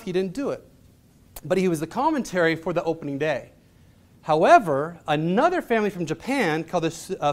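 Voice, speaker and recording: A man in his thirties giving a motivational presentation, telling stories in a casual, chatty way and acting out the voices of the people in them. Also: sits high. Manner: casual, chatty delivery with fillers. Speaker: motivational speaker. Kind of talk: storytelling presentation.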